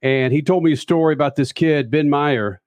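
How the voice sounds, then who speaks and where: A man's voice: a little high, moderate pace, darkish tone, no room sound. Polished male talk show host. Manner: polished broadcast delivery, sets up questions.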